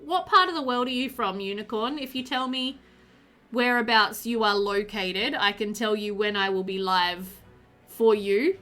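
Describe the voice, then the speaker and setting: A woman's voice: a little high, pushed and bright. Chatty woman streaming a game. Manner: chatty, filler-heavy, answers chat while playing. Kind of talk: casual live-stream chat.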